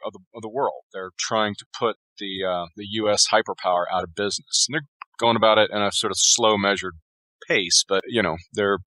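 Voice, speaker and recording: Low, forceful man explaining at length. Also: a little fast, no echo, poor audio. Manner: long, steady explanatory answers. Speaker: author guest. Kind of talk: conversational interview.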